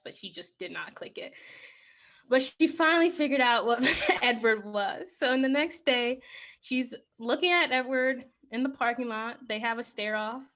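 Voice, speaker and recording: A woman's voice: a little high, fairly bright tone. A woman hosting a podcast, chattily recapping a movie plot, laughing often and filling with "like". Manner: chatty, giggly, heavy on "like". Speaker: podcast host.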